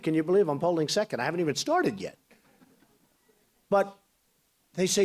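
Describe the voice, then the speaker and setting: A man's voice: a little high, expressive, moderate pace, pauses often, darkish tone. A man in his sixties giving a campaign speech as a political candidate, boastful and rambling in a conversational way.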